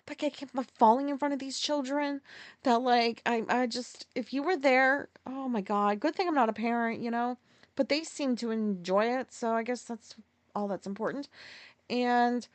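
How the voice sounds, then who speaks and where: Recorded without echo, this woman speaks at a medium pitch as she hosts a solo podcast. Her casual story is frank and full of swearing, and she keeps laughing at herself.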